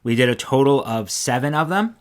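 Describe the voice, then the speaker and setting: A man's voice: medium pitch, brisk. Chatty male podcast co-host. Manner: relaxed, chatty, trails off and restarts. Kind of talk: casual chat.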